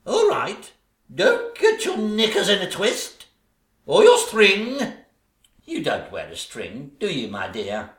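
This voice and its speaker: A man's voice: sits high, huge pitch swings, slow pace, a bit bright, exaggerated voice. A man playing a catty, vain ugly stepsister in a pantomime stage comedy, with a camp, teasing sing-song delivery. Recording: echoey stage recording.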